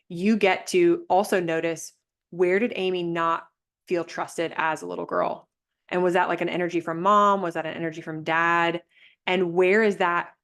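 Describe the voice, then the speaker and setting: A woman coaching a group over a video call, reflective and gentle, often restarting her sentences. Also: fairly low pitch. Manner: gentle, reflective, thinks aloud with many restarts. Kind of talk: live online coaching session.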